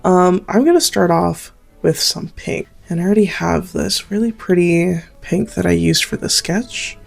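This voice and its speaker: A woman's voice: lowish voice, moderate pace, vocal fry, soft background music. A young Canadian woman, an artist from Southern Ontario, talking through her drawing process in a rambling, self-deprecating, chatty way. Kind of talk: chatty draw-along tutorial.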